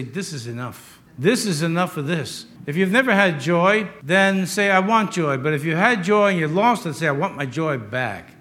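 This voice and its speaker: Older pastor guy preaching, high ringing voice, gets loud then drops quiet. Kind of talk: sermon.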